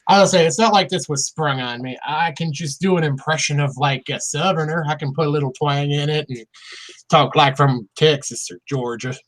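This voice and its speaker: A man joining an interview over a video call, quick with jokes and comebacks. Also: a little high, fairly bright tone, poor audio. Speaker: guest. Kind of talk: casual chat on a video call.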